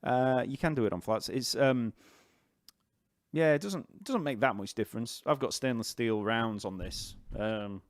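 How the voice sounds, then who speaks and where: A man with a Yorkshire accent, a bass teacher chatting casually on a live stream, rambling and reading out viewer comments. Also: expressive, moderate pace, no room sound, studio quality. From Yorkshire, northern England.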